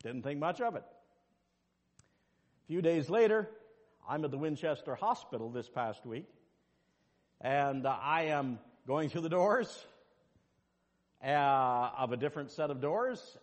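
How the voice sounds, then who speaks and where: Animated preaching man in a reverberant hall. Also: measured pace, pauses often. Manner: animated preaching, swings from soft asides to loud high exclamations. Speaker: pastor. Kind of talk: sermon with personal story.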